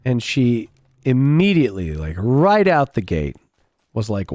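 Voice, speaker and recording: A man's voice: mid-range voice, wildly swooping pitch, a little slow, a little mellow, dry recording, clean studio sound. A man streaming a game and chatting casually with viewers in a blunt, profane, rambling way. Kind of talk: casual chat while gaming.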